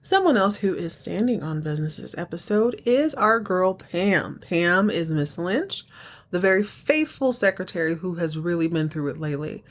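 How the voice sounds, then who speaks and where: A woman hosting a podcast, recapping a TV episode in a chatty, animated storytelling way. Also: lowish voice, normal speed. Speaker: podcast host.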